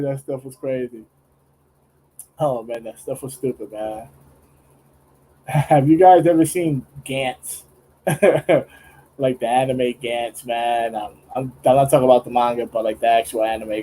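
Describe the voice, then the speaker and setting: A young streamer with a mellow, mid-range voice talks at a moderate pace in a steady tone, with slight background noise on a low-quality recording. Late at night in his home studio, he chats casually on a livestream while drawing, rambling with many restarts, laughing a lot, and using slang.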